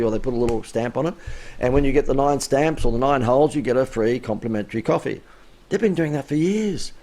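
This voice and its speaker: A man talks through a business coaching session in a chatty, emphatic way, his sentences often lifting at the end. His voice is gravelly and sounds a little worn out, with a middle pitch. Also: a little mellow. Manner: chatty, emphatic, rising inflection. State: voice wearing out. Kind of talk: live-streamed coaching talk.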